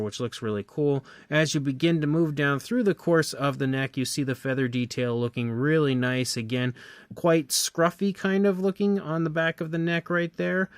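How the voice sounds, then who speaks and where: A man's voice: medium pitch, dry recording. A man hosting a casual toy review, chatty and upbeat, with lots of filler words. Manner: upbeat, chatty, frequent fillers like "again" and "kind of".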